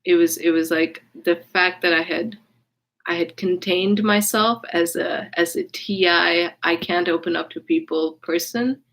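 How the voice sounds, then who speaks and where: A woman's voice: fairly low pitch, steady tone, measured pace, fairly bright tone, low-quality recording. A woman telling a personal story in a casual vlog, rambling with many restarts and speaking candidly with casual swearing. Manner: rambling, with frequent restarts and fillers. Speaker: vlogger.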